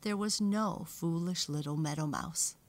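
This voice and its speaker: A woman reading a children's storybook aloud as narrator, at a gentle pace. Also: on the low side, unhurried.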